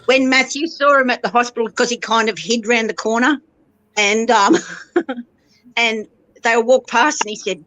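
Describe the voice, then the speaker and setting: A woman's voice: fairly high pitch, fairly bright tone, no room sound, rough recording. Tearful, laughing middle-aged woman. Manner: laughing through tears, halting. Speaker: guest sharing family news. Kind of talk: emotional casual chat.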